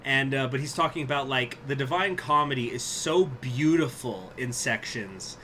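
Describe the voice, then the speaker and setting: Bright-voiced rambling male streamer. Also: medium pitch, normal speed, a little hiss or hum. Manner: rambling, profane, animated retelling. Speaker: gaming streamer. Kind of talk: casual stream chat, reading aloud. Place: home room.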